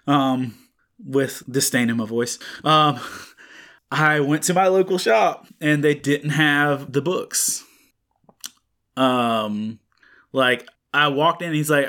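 Male podcast co-host, slightly raspy, loose rambling delivery full of fillers. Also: mid-range voice, slow pace, bright, forceful tone. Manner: rambling, many fillers and restarts. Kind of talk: casual comic book chat. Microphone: studio microphone.

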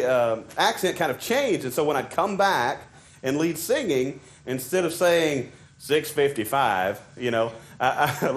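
A man from Arkansas with a Southern accent, preaching a sermon in a conversational way, full of fillers and restarts. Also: on the high side.

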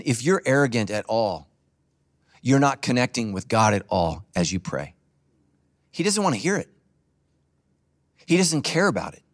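A middle-aged male pastor preaching a sermon with animated, humorous storytelling. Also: a little high.

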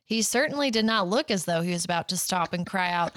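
A woman's voice: on the low side, expressive, quick pace, fairly bright tone, dry recording, clean studio sound. A woman co-hosting a casual book podcast, who chats and reads passages aloud with a bubbly manner and frequent laughter. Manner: bubbly, laughs often while reading. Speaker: podcast co-host.

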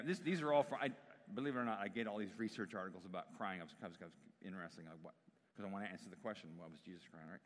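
A man's voice: on the low side, fairly bright tone. A man preaching a conversational sermon to a congregation, often asking them questions. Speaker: pastor. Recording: long hall reverb.

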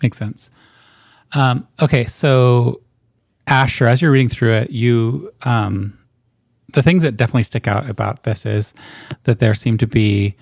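A man narrating a tabletop game as game master, relaxed and halting, with frequent fillers. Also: medium pitch, vocal fry, dry recording, studio quality.

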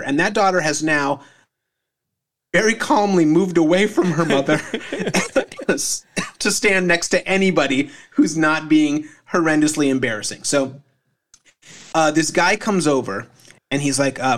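A man's voice: on the high side, a little slow, a bit bright. A man telling a funny anecdote on a casual comedy podcast, rambling with fillers. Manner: rambling with fillers, laughs at own story. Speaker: podcast co-host, parent.

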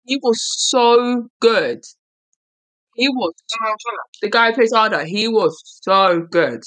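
Animated woman from East London. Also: fairly high pitch. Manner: animated, playful, quick restarts. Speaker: podcast co-host. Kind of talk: casual chat.

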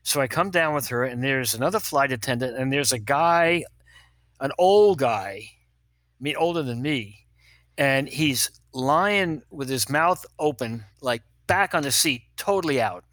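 An older man, a pediatrician, telling funny stories in an animated way and acting out the people in them. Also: medium pitch, unhurried, dry recording. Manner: animated, acts out other people's voices, laughs at his own stories. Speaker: guest, pediatrician. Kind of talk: anecdotal storytelling.

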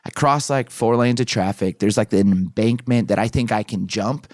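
A man in his thirties, a pastor and author, guesting on a podcast and telling a personal story with lively acted-out bits. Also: fairly low pitch, moderate pace, no room sound, studio quality. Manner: animated storyteller who acts out his own past lines.

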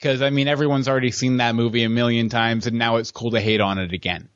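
A man's voice: mid-range voice, fairly even intonation, quick pace, smooth, no echo. A man co-hosting a podcast, chatting casually and joking, often restarting his sentences. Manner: chatty, jokey, with frequent restarts. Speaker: podcast co-host. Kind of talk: casual chat. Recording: dull lo-fi podcast audio.

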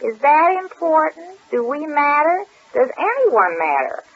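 A woman's voice: sits high, big pitch swings, measured pace. An actress playing a chatty, scatterbrained wife who rambles and mangles her words, in 1930s radio comedy acting. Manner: rambling, malaprop-prone, sing-song delivery. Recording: muffled old radio recording.

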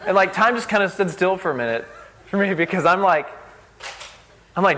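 A young man giving a casual, conversational sermon. He uses lots of "like" and tells stories in an animated way. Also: high-pitched, fairly quick. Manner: conversational, fillers like "like", animated storytelling. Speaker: speaker at a church service.

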